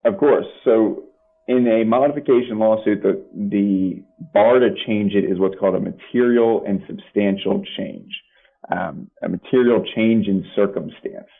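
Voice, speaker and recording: Lawyer on a tinny line. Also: male voice, lowish voice, a little slow, creaky. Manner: plain-spoken, practical, explains with examples. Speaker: family law attorney guest. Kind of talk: podcast interview, explaining law.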